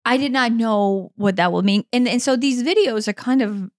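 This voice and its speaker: A woman's voice: a little high, normal speed, no echo. Earnest woman in her forties, dry sound. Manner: earnest, emotional, swears freely. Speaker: podcast co-host. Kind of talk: casual conversation.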